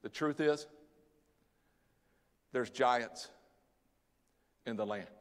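A male pastor preaching a sermon, animated and dramatic, mixing Bible story with casual slang. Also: mid-range voice, drawn-out words. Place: church sanctuary. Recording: long church hall reverb.

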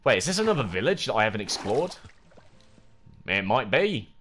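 A man's voice: fairly low pitch, big pitch swings, normal speed, fairly bright tone, slight background noise. A man livestreaming a video game, rambling, humming to himself and reading chat aloud. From United Kingdom. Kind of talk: gaming livestream chatter.

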